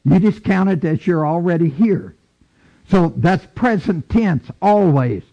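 A man delivering a sermon at a deliberate, unhurried pace, his voice slightly raised and gravelly. He repeats his points for emphasis and swells to a booming tone when he quotes scripture. The recording sounds dull and lo-fi. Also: animated, dark tone. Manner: slow, emphatic preaching with repetitions, booming when quoting scripture. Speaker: preacher.

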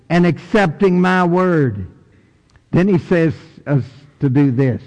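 A man with a Kentucky accent preaching a sermon, passionate, rising to near shouts and stretching out his phrases. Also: fairly high pitch, long reverb tail, poor audio.

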